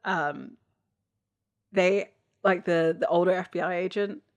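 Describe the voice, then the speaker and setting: Giggly, lower-voiced woman podcast co-host. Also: fairly even intonation, unhurried. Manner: giggly, retells scenes by quoting characters. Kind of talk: casual chat recapping a TV episode.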